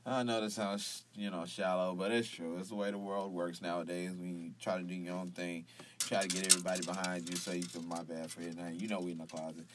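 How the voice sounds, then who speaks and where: Animated laughing fantasy podcast host man. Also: brisk, very noisy. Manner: animated, laughing, repeats words, swings from loud hype to low mutters. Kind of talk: casual solo podcast talk.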